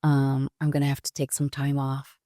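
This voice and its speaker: A woman in her sixties, a podcast guest, telling a personal story in a halting, reflective way with pauses and restarts. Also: very deep voice, monotone, warm tone, no room sound, studio quality.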